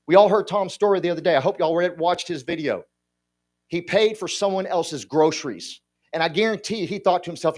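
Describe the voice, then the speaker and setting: A man gives a motivational talk at a conference. His voice sits a little high, and he speaks in a folksy, joking way, talking straight to the audience. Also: lively intonation, brisk. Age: 50s. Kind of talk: motivational speech. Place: conference hall.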